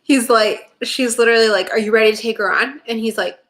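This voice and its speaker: A woman's voice: fairly high pitch, fast, a bit bright. A woman co-hosting a podcast, chatting casually and animatedly about a TV show and leaning on "like" and "it's so funny.". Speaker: podcast co-host. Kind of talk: casual chat recapping a TV show.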